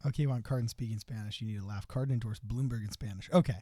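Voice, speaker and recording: A man's voice: medium pitch, rapid-fire, dark tone, no room sound. A man co-hosting a casual political podcast, chatty and storytelling, dropping in Spanish phrases. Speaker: podcast co-host.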